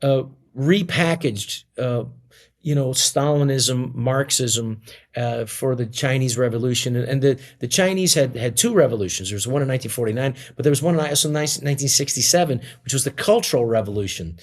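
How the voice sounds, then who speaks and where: A man's voice: medium pitch, a little fast. A middle-aged man being interviewed as a comedian guest, telling stories in a rambling way with many restarts and fillers. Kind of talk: casual interview storytelling.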